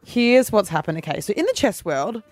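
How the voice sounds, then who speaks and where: A woman, co-hosting a radio show, telling stories with quick asides and frequent laughter. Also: mid-range voice, sing-song, darkish tone, soft background music. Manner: giggly, storytelling, quick asides. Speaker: radio host. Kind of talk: casual on-air banter.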